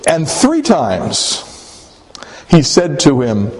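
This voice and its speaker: A man delivers a sermon as an easygoing, folksy story. He talks slowly, often pausing on small fillers. His pitch moves freely and expressively. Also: sing-song, poor audio. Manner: folksy and conversational, with hesitant fillers. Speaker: preacher.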